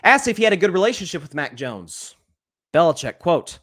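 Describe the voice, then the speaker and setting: A man hosting a sports talk show, giving opinionated solo commentary in an animated way, with frequent restarts. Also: on the high side, a little fast.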